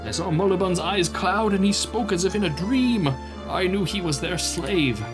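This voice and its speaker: Earnest elder brother played by a man, grave, raised pitch, game read-along. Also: normal speed, over music, lightly acted.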